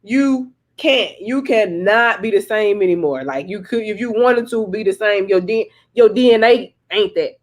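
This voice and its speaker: A woman's voice: mid-range voice, moderate pace, few pauses. Woman, tarot reader, casual livestream chat, swears freely, laughs a lot, repeats lines for emphasis. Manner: profane, rambling, laughs often; emphatic, repeats herself for effect.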